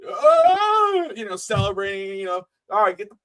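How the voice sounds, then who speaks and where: A middle-aged man co-hosting a wrestling podcast, excitable and swearing, laughing often as he acts out the moments. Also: high-pitched, moderate pace. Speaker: podcast co-host. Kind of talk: casual wrestling podcast chat.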